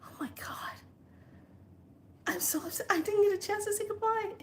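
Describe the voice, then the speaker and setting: A woman acting out her older mother, who wakes in the dark and fears she has died, in a high, fretful voice. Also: normal speed. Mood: panicked.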